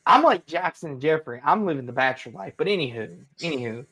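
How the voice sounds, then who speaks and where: A man's voice: a little high, expressive, fast, crowd noise. A young man co-hosting a casual sports livestream, teasing his friends and laughing as he talks. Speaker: co-host.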